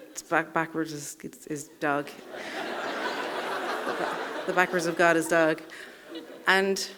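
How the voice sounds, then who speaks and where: A woman's voice: lowish voice, noisy background. A woman telling a personal story live on a theatre stage, in a wry, self-deprecating way, chuckling through her lines.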